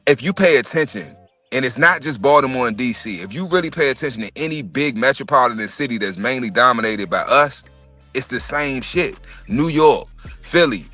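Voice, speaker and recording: A man's voice: medium pitch, pushed and bright. A middle-aged man hosting a casual livestream chat, ranting animatedly with lots of swearing and restarts. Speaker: podcast host.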